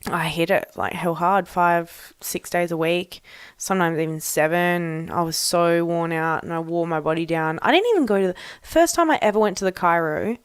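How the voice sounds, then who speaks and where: A woman's voice: on the low side, moderate pace, clear, resonant tone, no echo, clean studio sound. A young Australian woman co-hosting a casual chat podcast, telling stories with frequent laughter and swearing. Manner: swears freely, laughs often, animated storytelling. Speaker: podcast co-host.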